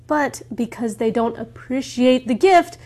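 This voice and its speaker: High-voiced woman teaching slowly. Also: darkish tone. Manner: slow, clear explanations. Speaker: English teacher. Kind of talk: explaining a story for learners.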